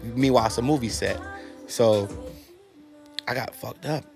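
A man, a guest telling rough, profane stories in casual talk and acting out the other voices. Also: medium pitch, measured pace, faint music behind. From New York. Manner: animated, profane, acts out quoted dialogue. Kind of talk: casual storytelling.

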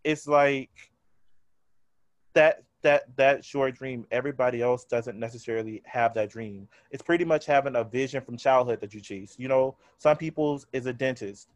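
A man's voice: medium pitch, normal speed, dry recording. Emphatic man hosting a podcast. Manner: emphatic, hammers points with repetition. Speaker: podcast host. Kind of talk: casual podcast chat.

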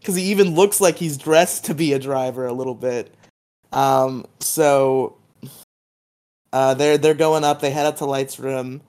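A man's voice: medium pitch, measured pace, darkish tone, clear, resonant tone. A man co-hosting a podcast, recapping a TV episode in a chatty way full of fillers. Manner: chatty, filler-heavy retelling of scenes. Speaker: podcast co-host.

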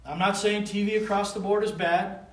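A man preaching a conversational sermon to a small group. He talks in an animated, rambling way and keeps asking the listeners for answers. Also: sits high, normal speed. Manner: animated, rambling, calls for responses. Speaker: pastor. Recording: roomy room, voice from a distance.

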